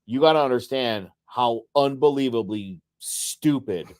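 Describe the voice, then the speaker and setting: A man's voice: medium pitch, unhurried. A middle-aged man co-hosting a podcast, speaking bluntly with a sarcastic edge. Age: 40s to 50s. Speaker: podcast co-host. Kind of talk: casual chat.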